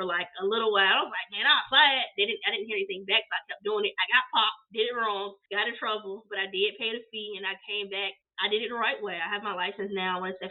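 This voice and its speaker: A woman talking quickly in a relaxed interview, telling a story with lively quoted dialogue. Her voice comes through a thin, phone-like line. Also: mid-range voice. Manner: animated, acts out quoted dialogue. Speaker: guest, apparel business owner.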